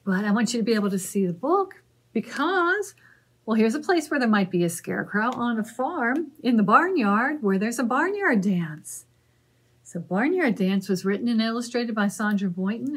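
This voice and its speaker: A woman librarian leading a children's story time, singing rhymes, reading a picture book aloud and making animal sounds in a slow, encouraging sing-song. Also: medium pitch, husky.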